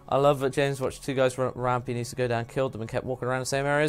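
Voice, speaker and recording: A man's voice: medium pitch, flat delivery, racing, hardly any pauses, clean tone. Rambling man streaming a game. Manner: rambling, self-deprecating, laughs often. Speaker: streamer host. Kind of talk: casual live-stream chat while gaming.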